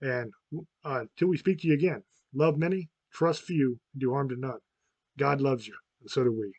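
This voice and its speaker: A man's voice: mid-range voice, normal speed, darkish tone, no room sound, lo-fi sound. A man in his fifties hosting a podcast, talking in a frank, rambling and profane way, often restarting his sentences. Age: 50s. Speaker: podcast host. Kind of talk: casual chat.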